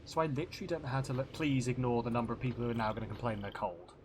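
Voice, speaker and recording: A man streaming a game in casual chat, animated and profane, often muttering to himself. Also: mid-range voice, very fast, background noise.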